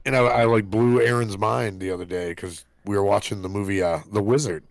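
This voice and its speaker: A man's voice: on the low side, steady tone, brisk, creaky, dry recording. A man in his forties co-hosting a podcast, a father who talks bluntly and swears when exasperated. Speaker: podcast co-host. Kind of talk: casual chat.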